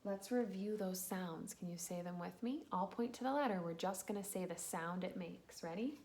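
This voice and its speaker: A woman teacher giving a slow, patient phonics lesson to young children, sounding out letters and cheering them on. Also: fairly low pitch, darkish tone, slight background noise.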